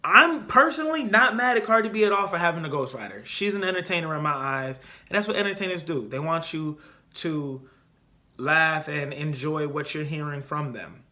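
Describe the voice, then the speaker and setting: A young man talks through his takes on a casual solo podcast, opinionated and animated, circling back to hammer his points home. His voice sits a little high for a man and comes across bright and forceful. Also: normal speed. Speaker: podcast host.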